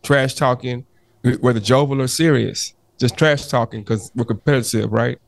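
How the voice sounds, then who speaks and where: A man in a heated but casual podcast debate, his pitch sitting in the middle of the range. He talks in a bursting, animated way and keeps restarting sentences, cutting in to hold his turn. The sound is dry and close, with little room. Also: normal speed, creaky, no room sound. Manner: animated, restarts often, repeats "hold on" to cut in. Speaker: podcast co-host.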